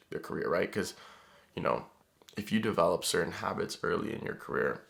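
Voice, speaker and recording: A man's voice: low voice, creaky. A young man talking casually to the camera in a rambling vlog, with lots of fillers. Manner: relaxed, rambling, frequent fillers.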